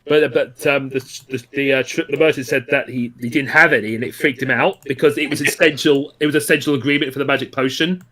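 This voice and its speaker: A man casually recapping a comic for a podcast, pausing often with ums and acting out short quoted asides. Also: medium pitch, steady tone, a bit bright, dry recording. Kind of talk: casual chat.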